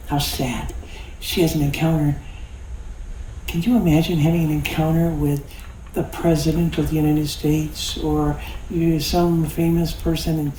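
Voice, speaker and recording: A man's voice: on the high side, level tone, a little slow, warm tone, a little hiss or hum. A pastor in his sixties preaching a sermon in a folksy, conversational way, with jokes and laughter. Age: 60s. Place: church sanctuary. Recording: echoey church hall.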